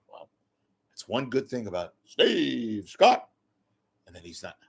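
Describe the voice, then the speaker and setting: A man's voice: mid-range voice, wildly swooping pitch, slow pace, vocal fry, pauses often, breathy edge. A man hosting a comedic monologue, talking casually and in a mocking tone. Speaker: comedian host.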